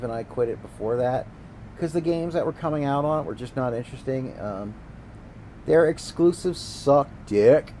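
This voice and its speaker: Male gaming streamer, mid-pitched voice, foul-mouthed sarcastic rants, faint background hum. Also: warm tone, poor audio. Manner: profane, ranting, sarcastic. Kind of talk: casual ranting commentary while gaming.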